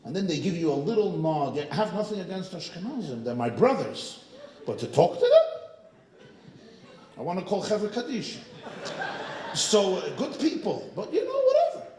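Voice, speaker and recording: A man, a rabbi, telling a humorous story to a synagogue audience, animated and joking, with frequent asides to the crowd. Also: high voice, normal speed, pauses often, echoey room, poor audio. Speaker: rabbi, guest speaker. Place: synagogue hall.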